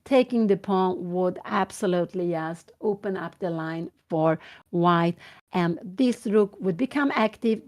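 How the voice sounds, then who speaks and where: Swedish woman thinking aloud over chess. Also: mid-range voice. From Sweden. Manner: thinking aloud, hesitant, with many fillers and restarts. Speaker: chess commentator. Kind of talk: live chess commentary. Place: home room.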